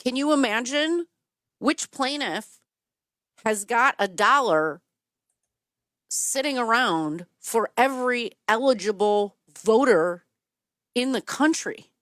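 A woman's voice: on the high side, animated, slow pace, pauses often, a bit bright, no room sound, clean studio sound. A woman from Wisconsin answering listener questions as a political commentator, in an emphatic, detailed, earnest way. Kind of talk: explanatory talk.

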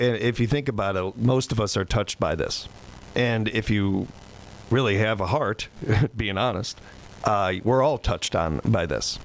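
Male country radio host, low-pitched, folksy and rambling, faint room hum behind. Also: poor audio. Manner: folksy, rambling, self-deprecating. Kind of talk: casual radio show chat.

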